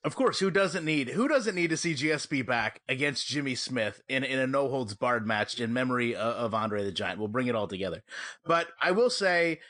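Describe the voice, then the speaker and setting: A man's voice: mid-range voice, expressive, normal speed, fairly bright tone, no room sound, studio quality. A man co-hosting a casual sports podcast, talking with wry, teasing banter. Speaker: podcast co-host.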